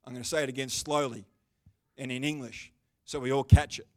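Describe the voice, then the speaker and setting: A man preaching a sermon in a church service, animated and bursting out loud at times, with chatty, joking asides to people in the congregation. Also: medium pitch, brisk. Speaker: pastor.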